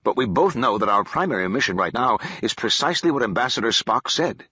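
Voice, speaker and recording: A man's voice: mid-range voice, animated, fairly quick, pushed and bright, breathy edge, no room sound. A man reading an audiobook, voicing a formal, exact male android officer who never uses contractions, on a dull, dry lo-fi recording. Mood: calm, explaining.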